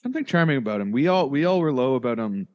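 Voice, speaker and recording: A man's voice: medium pitch, animated, racing, highs cut off. A man hosting a casual podcast chat, playful and bantering with his co-host.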